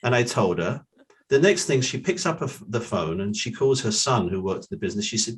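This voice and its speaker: A middle-aged man with a London accent, a guest who tells long stories in a relaxed way and often repeats his opening words. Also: mid-range voice, normal speed, husky. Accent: London English. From England. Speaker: guest, forensic accountant. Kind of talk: relaxed storytelling.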